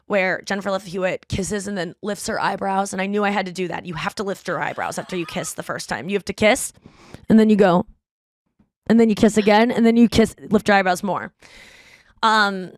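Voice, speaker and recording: Animated, foul-mouthed woman podcast host. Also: medium pitch, a little fast, no echo, clean studio sound. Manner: animated, profane, acts out quoted lines. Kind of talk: casual storytelling chat.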